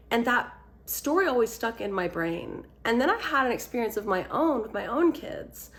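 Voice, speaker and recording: A woman's voice: on the high side, sing-song, normal speed, fairly bright tone. A woman author telling a personal story, then walking through a product step by step in a casual, encouraging way. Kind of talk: casual explanatory talk to camera.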